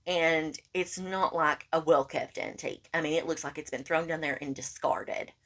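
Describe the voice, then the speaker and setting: Animated woman telling a story. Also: low voice, normal speed. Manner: animated, acts out quoted lines, calls listener honey. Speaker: podcast co-host. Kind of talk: casual storytelling chat.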